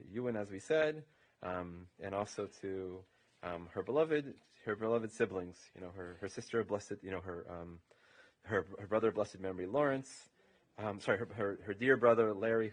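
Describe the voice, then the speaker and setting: A man serving as rabbi, giving an informal, meandering funeral eulogy in a funeral home chapel, leaning heavily on "you know". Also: lowish voice.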